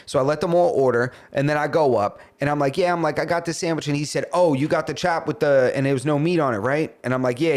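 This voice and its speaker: A man co-hosting a podcast, telling a story in casual chat, swearing and acting out the other people's lines. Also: fairly high pitch. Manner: animated, swearing, acts out dialogue. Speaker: podcast co-host.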